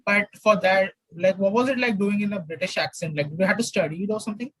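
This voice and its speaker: A man interviews a guest, asking his questions hesitantly and rephrasing them as he goes. His voice is high and husky, and the sound is very dry with no room echo. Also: quick pace, a bit bright.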